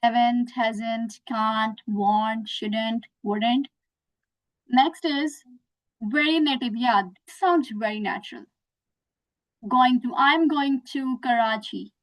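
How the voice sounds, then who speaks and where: A young woman gives an online lesson. She speaks slowly and patiently, with a fairly high voice, and walks through example after example. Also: poor audio. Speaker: English teacher.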